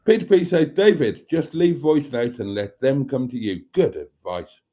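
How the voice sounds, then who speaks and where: A man's voice: mid-range voice, lively intonation, moderate pace, warm tone. A man hosting a casual live stream, reading viewer comments aloud and chuckling often.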